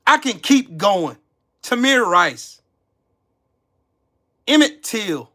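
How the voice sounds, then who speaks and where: Male channel host, heated accusatory rant, repetitive and profane, tense bright edge. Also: high voice, very animated, extremely slow, long pauses. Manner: heated, cursing, accusatory, repeating lines. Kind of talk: angry profane rant to camera.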